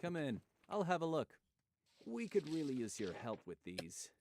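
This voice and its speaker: An actor playing a male quest-giving game character who speaks in a brisk, businesslike way. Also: fairly high pitch, sing-song, a little mellow, slight background noise.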